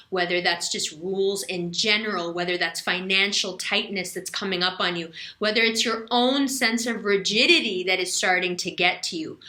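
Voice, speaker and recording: A woman's voice: medium pitch, sharp tone, reverberant. A woman giving a tarot reading in a frank, slangy, emphatic way, often laughing as she talks. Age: adult with a son. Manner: laughs often while talking. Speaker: tarot reader. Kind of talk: casual tarot reading monologue.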